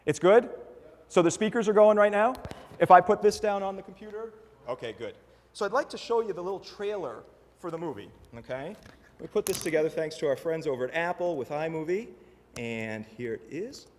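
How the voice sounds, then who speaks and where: A man giving a conference talk, telling a story in an animated way and acting out the voices of the people in it. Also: high-pitched, brisk, big-room sound, slight background noise. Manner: animated, acts out quoted voices. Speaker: conference speaker.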